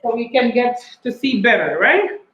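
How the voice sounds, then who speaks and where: A woman talks as the host chef on a cooking stream, upbeat and chatty, with "all right" between each shout-out. The sound rings in an echoey room and comes across a little dull. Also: fairly high pitch, lively intonation, normal speed. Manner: cheerful, repeats "all right" and "big up yourself". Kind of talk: casual shout-outs on a live cooking stream.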